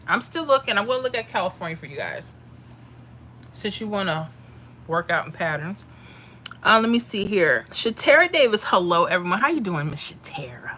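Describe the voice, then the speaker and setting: A woman with a bright, mid-range voice and a forceful tone hosts a lottery livestream. She chats casually while reading comments, referring to viewers as mama and honey.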